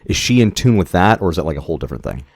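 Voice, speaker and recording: A man's voice: deep voice, sing-song, rapid-fire, a little mellow, breathy edge, no room sound, studio quality. A man co-hosting a movie podcast, chatting casually in a rambling, profane way with many restarts. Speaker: podcast co-host. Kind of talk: casual chat.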